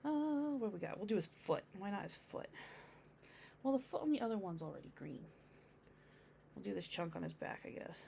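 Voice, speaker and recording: A woman's voice: medium pitch, lively intonation, normal speed, gravelly, long pauses, dark tone, a little hiss or hum. A woman streaming a casual painting tutorial, chatting with her audience and thinking aloud as she works.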